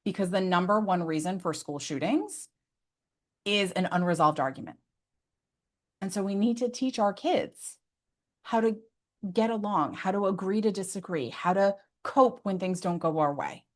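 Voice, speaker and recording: A woman's voice: medium pitch, moderate pace. A woman giving parenting advice in an earnest, conversational way, often adding "like" and "right?" as asides. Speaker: behavior specialist.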